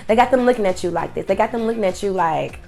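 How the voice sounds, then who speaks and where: A woman's voice: mid-range voice, expressive, fast, creaky, darkish tone, faint music behind. Emphatic woman giving relationship advice. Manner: emphatic and repetitive. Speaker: host. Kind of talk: advice monologue.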